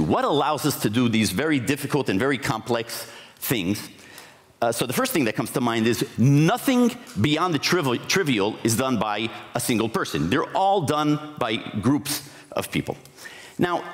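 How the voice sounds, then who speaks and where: Man, conference speaker, lively rising and falling pitch, reflective explanatory delivery, echo of a large hall. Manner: reflective, explanatory, with occasional restarts. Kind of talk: conference talk. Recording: hall reverb.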